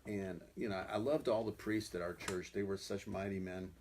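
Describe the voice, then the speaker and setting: Guest storyteller: a low-pitched man who rambles warmly, with lots of "you know," and a faint hiss underneath. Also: fairly even intonation, normal speed. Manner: rambling, full of 'you know' fillers. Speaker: guest musician. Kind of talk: conversational storytelling.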